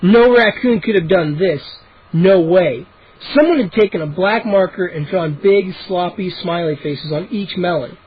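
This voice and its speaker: A man's voice: high-pitched, unhurried, slightly rough. A man cold-reading a children's book aloud, with occasional slips and restarts, in a dull lo-fi home recording. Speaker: audiobook reader. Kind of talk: cold-read storybook narration.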